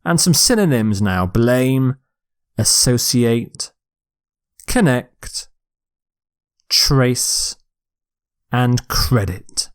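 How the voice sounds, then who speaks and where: A male English teacher delivers a recorded vocabulary lecture at an unhurried pace. He speaks deliberately, leaning on each stressed syllable. His voice sits at an ordinary middle pitch. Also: expressive, smooth.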